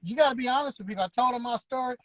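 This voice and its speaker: Over background noise, a man in his 50s with a very high-pitched voice shares his story as an interview guest. He owns a barber school and speaks in an emphatic, preacher-like, motivational way, drawing out his words.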